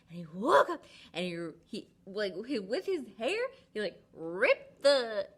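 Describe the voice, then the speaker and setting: A woman's voice: medium pitch, unhurried, breathy edge. A woman Sunday school teacher retelling a Bible story to children in a chatty, casual way, full of "like" and "um". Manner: chatty, animated, lots of "like" and "um".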